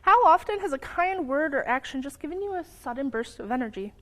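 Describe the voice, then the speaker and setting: A young woman giving a sermon in a church, earnest, sometimes stumbling over her words and apologizing, lively when telling a story. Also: sits high, a little fast. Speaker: lay preacher. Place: church sanctuary.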